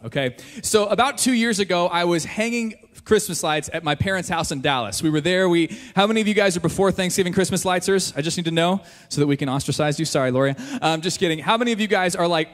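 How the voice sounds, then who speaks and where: A young man, a junior high pastor telling a jokey, animated story in a sermon before a church crowd. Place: large church hall. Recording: reverberant church hall.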